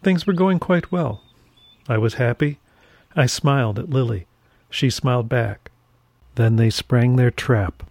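A man narrating a first-person horror story in a measured, dramatic storytelling manner. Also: mid-range voice, a little mellow, no room sound.

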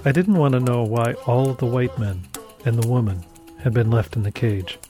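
A man narrating a first-person horror story in a measured, dramatic storytelling manner. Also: mid-range voice, music in the background.

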